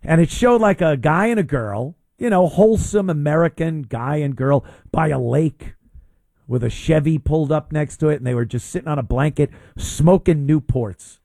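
A man's voice: a little high, moderate pace, gravelly, mellow, no room sound, studio quality. A man hosting a call-in radio show, chatting and teasing callers in a joking way. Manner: teasing, joking, puts on silly voices. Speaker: radio talk show host.

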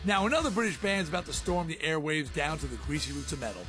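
A man's voice: a little high, animated, fast talker, over music. A man hosting a rock radio show with playful, sing-song DJ patter.

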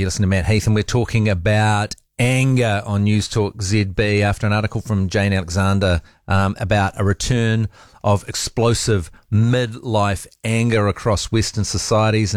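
A man's voice: lowish voice, no room sound, studio quality. A man with a New Zealand accent hosting a talkback radio show, chatting and reading out listener texts with amusement. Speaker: radio talk show host.

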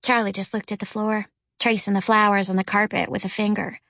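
A woman narrating a children's novel as an audiobook, with a gentle storytelling manner. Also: little pitch movement, fairly quick, no echo. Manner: gentle storytelling, lifts pitch for characters' lines. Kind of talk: scripted narration.

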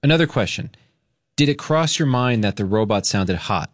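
A man's voice: fairly low pitch, lively intonation, dry recording. A man hosting a radio morning show, bantering casually in a playful, teasing way from a studio microphone. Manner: playful, teasing, quick to laugh.

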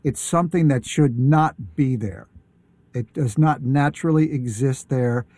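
A man talking casually as a guest on a radio show, enthusiastic but halting, with many fillers and restarts. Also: medium pitch, dark tone, no room sound.

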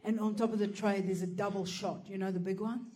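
A woman's voice: mid-range voice, fairly even intonation, fairly quick, dark tone. A woman doing stand-up, telling a story animatedly, swearing and laughing through it. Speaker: stand-up comedian.

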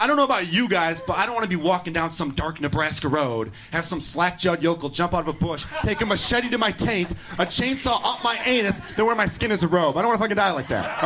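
A fairly high-voiced man rants through a profane stand-up bit on a club stage, speaking into a handheld mic. The live recording carries clear background noise. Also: a little fast. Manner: loud, profane ranting. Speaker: stand-up comedian. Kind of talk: stand-up set.

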